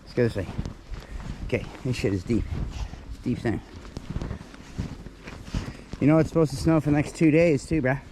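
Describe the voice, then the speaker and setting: A man talks playfully to his dog and his viewers while walking through deep snow, using loose slang. He is recorded on a handheld camera outdoors. There is clear outdoor noise behind him. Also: expressive, moderate pace, long pauses. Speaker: dog breeder and vlogger. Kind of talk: casual vlog chat.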